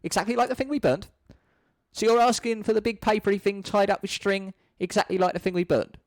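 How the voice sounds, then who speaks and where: A man's voice: high-pitched, steady tone, no echo, pitched above the performer's own voice. A man voicing a dim-witted servant. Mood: earnest. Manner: simple, earnest, slow-witted. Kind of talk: screenplay read-through.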